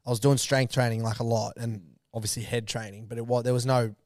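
A young Australian man in his twenties, a guest on a podcast, telling rambling stories with quick laughs and loud shouted bits. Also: medium pitch, flat delivery, no echo, studio quality. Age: 20s. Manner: rambling, laughing mid-sentence, acts out his own shouts. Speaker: guest runner. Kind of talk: casual storytelling.

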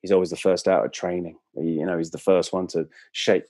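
A man's voice: low voice, level tone, fairly quick, dry recording. A man, a club presenter telling anecdotes as a guest in casual chat, with many fillers and restarts. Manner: warm storyteller, frequent fillers and restarts.

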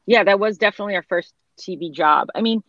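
A woman's voice: medium pitch, fast talker, fairly bright tone. A woman being interviewed, telling stories in a loose, rambling way with many fillers and restarts. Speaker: interview guest, TV director and writer. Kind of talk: casual conversational storytelling. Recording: slightly dull, lo-fi sound.

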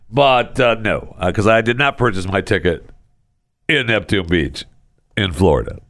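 A man hosting a podcast, telling news stories in casual solo commentary with a sarcastic, animated manner. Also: no room sound, clean studio sound. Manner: sarcastic, animated storytelling with big pitch jumps. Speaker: podcast host.

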